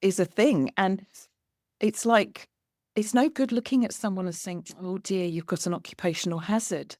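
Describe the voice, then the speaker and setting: Animated woman telling a story. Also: medium pitch, moderate pace, no room sound, studio quality. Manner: animated, acts out quoted dialogue with laughter. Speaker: podcast host. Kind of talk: storytelling in conversation.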